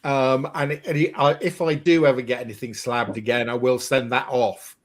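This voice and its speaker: A man hosting a casual chat, halting and restarting as he talks. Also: mid-range voice, fairly even intonation. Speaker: host.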